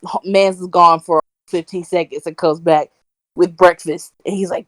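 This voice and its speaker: A woman's voice: lowish voice, steady tone, moderate pace, dry recording. A woman co-hosting a casual podcast over a video call, rambling with lots of fillers and laughing often. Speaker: podcast co-host.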